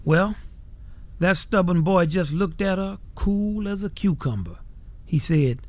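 A man narrating a folk tale in a folksy, animated, colloquial manner. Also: sits high, slow, over loud music. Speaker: storyteller.

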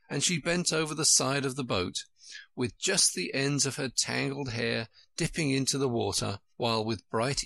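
A man reading a storybook aloud with expressive, lilting narration. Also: mid-range voice, vocal fry, dry recording.

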